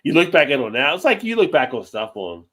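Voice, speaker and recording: A man's voice: on the high side, sing-song, brisk, a bit bright. A man hosting a casual livestream chat over beers, rambling and laid-back, swearing now and then. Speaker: livestream host.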